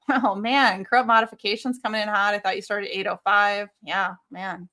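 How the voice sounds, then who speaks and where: A woman's voice: mid-range voice, fairly even intonation, moderate pace, sharp tone, no room sound. Giggly young woman co-hosting a stream. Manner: giggly, easygoing banter. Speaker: podcast co-host. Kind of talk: casual livestream chat.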